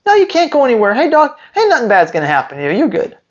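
A man's voice: extremely high pitch, wildly swooping pitch, very fast, dull audio. A man who trains dogs, answering viewer questions on a live stream in a blunt, emphatic way and hammering his points home by repeating them. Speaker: dog trainer.

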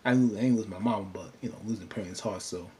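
A man with a fairly low voice talks through a TV episode in a relaxed, rambling way. He leans on "you know" and loose asides. A faint hum of noise sits under his voice. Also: rapid-fire. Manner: chatty, loose, full of "you know" fillers. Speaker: TV episode recapper. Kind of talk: casual rambling recap.

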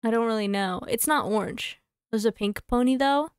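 Woman streamer, chatty and thinking aloud, a bit high-pitched, dry mic. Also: clear, resonant tone, no echo. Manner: chatty, thinks aloud, quick asides and laughs. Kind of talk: casual live-stream chatter while playing a game.

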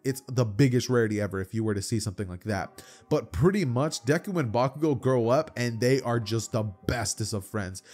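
A man's voice: medium pitch, darkish tone. Rambling casual male storyteller. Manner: rambling, lots of fillers. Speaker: storyteller, channel host. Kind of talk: casual fan-story narration.

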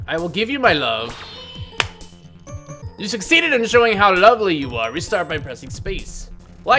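A man hosting a let's play, joking and breaking into loud excited outbursts as he plays. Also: high-pitched. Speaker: gaming video host.

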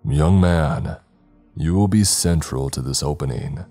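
A man voicing an old male mystic priest who speaks slowly and solemnly in archaic phrasing, for a horror story. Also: very deep voice, mellow, faint music behind, exaggerated voice. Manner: slow, solemn, archaic speech.

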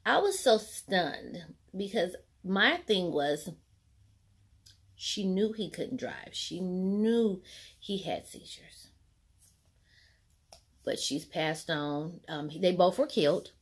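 Husky-voiced woman telling a story. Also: lowish voice, sing-song, takes it slowly. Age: 40s. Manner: rambling and conversational, with many fillers and reenacted quotes; drops to a near-whisper at emotional moments. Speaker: storytelling vlogger. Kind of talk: casual storytime monologue. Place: home set lit by a ring light.

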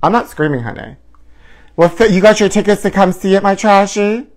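A man's voice: high voice, lively intonation, brisk. A man hosting a live celebrity gossip stream. He talks in a campy, theatrical way, calls viewers honey and trashy, and swoops up into mock outrage.

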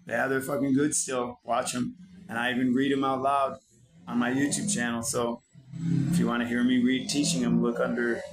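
A channel host delivers a profane motivational monologue, cursing in nearly every line as he lectures in a blunt, preachy way. His ordinary mid-pitched voice sounds flat, and his pace shifts from hurried to drawn-out when he stops to write things down. The recording is rough.

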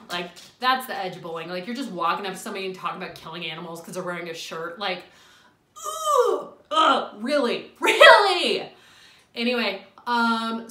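A young woman telling an animated, exasperated storytime rant at home, swearing and laughing as she goes. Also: mid-range voice, echoey room. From US Midwest. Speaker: vlogger.

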